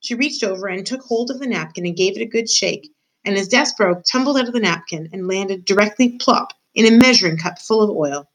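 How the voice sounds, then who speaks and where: A woman teacher reading a children's book aloud to her class, warm and expressive in her storytelling. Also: mid-range voice, brisk, a little hiss or hum, rough recording.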